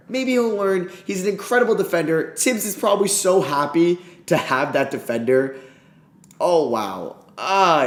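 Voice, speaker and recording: Guy doing a live reaction stream, super animated voice all over the place, kinda echoey room. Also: medium pitch. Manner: excitable, emotional, swears when upset.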